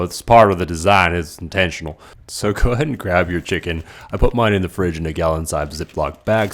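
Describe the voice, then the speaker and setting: Deep-voiced man, playful cooking voice-over. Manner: playful, jokey asides. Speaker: cooking channel host.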